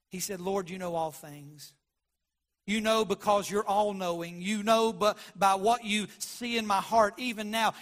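A man preaching a sermon, swinging between loud emphatic lines and quiet murmurs, and acting out Bible dialogue. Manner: preaching with big swings in loudness, from near-shouts to low murmurs; acts out Bible dialogue in quoted voices. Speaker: pastor.

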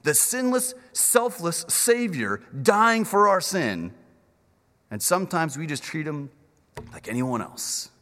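An animated male preacher delivers a sermon, slipping into quick voices for the people in the story. His voice sits a bit high and swings widely in pitch. The sound carries a long hall reverb, as in a church. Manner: animated, acts out the characters in voices.

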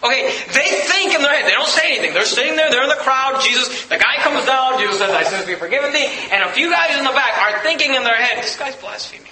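A male pastor preaching a sermon in an emphatic, conversational way with quick asides. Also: very high voice, animated, reverberant, a crowd in the background, rough recording.

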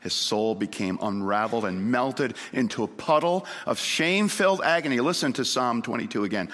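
A male pastor preaches with fervent, animated delivery, his voice leaping high and dropping to near hushes. The tone is bright and forceful. His words ring out with a long reverb in a large church hall. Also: normal speed, few pauses. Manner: impassioned preaching, swings from loud high pleas to low hushed lines. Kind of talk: sermon.

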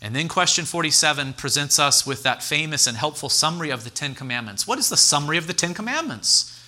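Bright-voiced male pastor preaching. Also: a little high, animated, fast. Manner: earnest teaching with rhetorical questions. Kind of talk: sermon.

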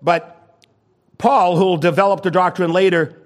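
An older man preaching a sermon, earnest and emphatic, rising to urgent exhortation and dropping to quiet asides. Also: high voice, steady tone, measured pace. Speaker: pastor.

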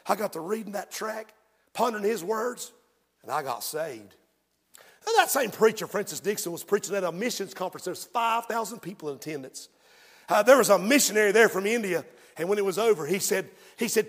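High-voiced preacher in a reverberant hall. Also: male voice, expressive, fairly quick, slightly rough. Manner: swings from loud, fervent exclamation to quiet, dropped-voice narration. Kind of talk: sermon storytelling.

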